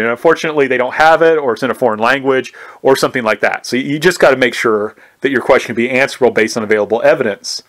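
A man's voice: medium pitch, racing, hardly any pauses. A man giving a conversational recorded history lecture, often asking "right?" and restarting his sentences. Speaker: history professor.

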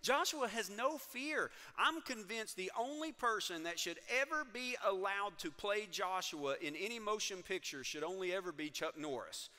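Brief: male pastor, fairly high and bright voice, emphatic storytelling sermon. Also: long reverb tail. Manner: emphatic and storytelling, with rising energy on key points. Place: church sanctuary.

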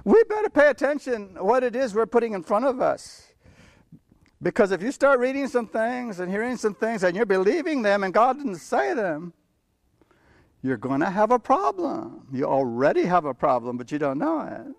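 A man with a strikingly high voice preaches a sermon, bluntly driving each point home with frequent chuckles between lines. His pitch swings widely, rising and falling as he presses his message, and the sound is dry and close. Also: very animated, normal speed, gravelly, dry recording. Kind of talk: sermon with Bible reading.

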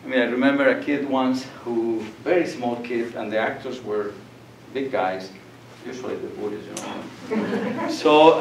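Older man lecturing in a hall, animated storyteller; distant, roomy recording with light hiss. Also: mid-range voice, measured pace, creaky, hardly any pauses, a crowd in the background. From Colombia. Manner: animated storyteller, acts out voices and laughs. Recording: echoey room, distant mic, faint noise.

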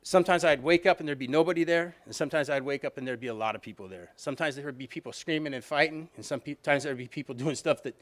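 A man's voice: a little high, quick pace, hardly any pauses. A middle-aged man giving a rambling, self-deprecating recovery talk, peppered with "you know what I mean.". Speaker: alumni reunion speaker.

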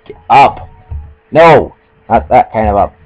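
A man's voice: lowish voice, lively intonation, slow, darkish tone, rough recording. A young man giving casual, joking commentary while playing a video game, often stumbling over his words and poking fun at himself. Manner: joking, self-mocking, trips over words. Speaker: let's play gamer.

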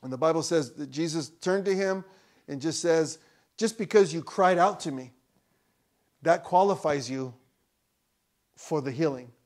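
Male pastor, slightly high voice, relaxed preaching that builds to loud emphatic lines. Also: a little slow, pauses often. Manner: conversational preaching, rising to loud emphatic peaks, joking asides. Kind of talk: sermon. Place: church.

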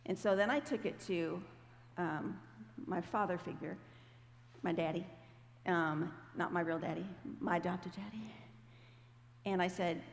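Woman, gravelly voice, animated storytelling testimony, long hall reverb. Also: on the low side, unhurried, pauses often. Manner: animated, conversational, acts out quoted voices. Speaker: guest speaker. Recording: hall reverb with faint background noise.

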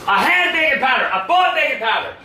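An older man, a grandfather in a family vlog, yelling and swearing explosively in his home kitchen. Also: extremely high pitch, big pitch swings, quick pace, recorded from a distance, a little hiss or hum. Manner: explosive yelling and heavy cursing. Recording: echoey room.

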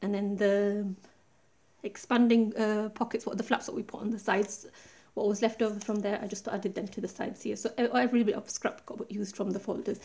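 A woman's voice: medium pitch, a little fast. A woman walking through a handmade craft project in a casual, chatty show-and-tell, recorded on a tablet set up above her desk. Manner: chatty, relaxed, pointing things out step by step. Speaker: craft tutorial maker. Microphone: tablet camera set high above the desk.

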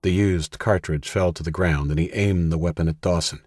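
A male audiobook narrator with a deep, husky voice reads a tense thriller in a steady, measured way. The recording is close and dry, with no room sound at all. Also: no room sound. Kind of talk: scripted narration.

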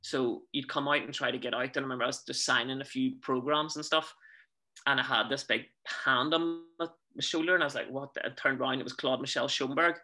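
A Northern Irish man, a musical theatre actor, telling animated stories in a casual interview and chuckling often. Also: mid-range voice, a little fast. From Northern Ireland.

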